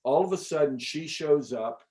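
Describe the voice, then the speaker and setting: A middle-aged man, an interview guest, telling a personal story in a casual, animated way with many fillers and the odd swear word. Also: on the high side, moderate pace. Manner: animated, chatty, frequent fillers and restarts. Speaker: interview guest recounting an experience.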